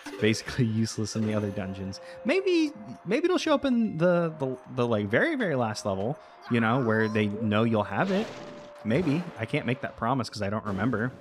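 A man's voice: medium pitch, sing-song, normal speed, over music. A man casually commenting on his video game, rambling, joking at his own expense and talking to the creatures on screen, his voice a little worn. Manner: rambling, self-mocking, talks to game creatures. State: voice getting worn. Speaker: let's play host.

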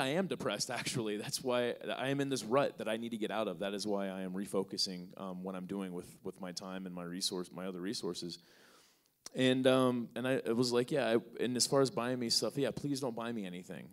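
A man's voice: lowish voice, brisk. A male podcast host answering an audience question in front of a live crowd and telling a story with acted dialogue. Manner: acts out both sides of a conversation; relaxed, with many fillers.

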